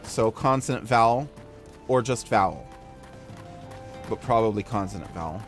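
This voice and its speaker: A man's voice: lowish voice, animated, normal speed, soft background music. A man hosting a casual game playthrough, rambling and wry, often correcting himself. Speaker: gameplay host. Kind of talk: casual let's play chat.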